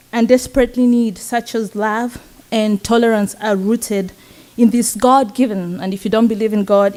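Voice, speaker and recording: A young Kenyan woman, a student, telling a personal story at a campus talk event in an earnest, warm way with soft laughs. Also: medium pitch. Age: young adult. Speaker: student speaker. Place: event stage.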